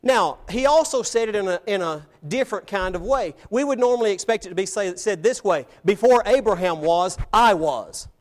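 At an evening church service, a high-voiced male preacher delivers a sermon from the pulpit, speaking emphatically and driving his points home with rhetorical questions. His volume swings from loud declarations to quiet asides, and his delivery is expressive, a little fast, with few pauses.

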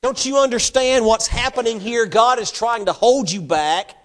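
A man's voice: very high voice, voice pushed up. A man voicing Satan as a sly male tempter, pressing his case with insistent, urgent persuasion.

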